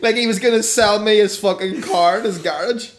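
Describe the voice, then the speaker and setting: A man's voice: high-pitched, fairly quick, a little hiss or hum. A young man telling rambling, sweary stories in a casual comedy podcast chat. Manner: rambling storytelling, swearing, full of fillers. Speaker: podcast co-host.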